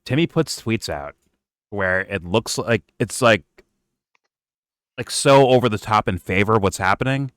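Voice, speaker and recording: A man's voice: lowish voice, lively intonation, measured pace, long pauses, fairly bright tone, clean tone, no room sound, studio quality. A man co-hosting a stream, reacting to a clip in casual, profane, joking trash talk.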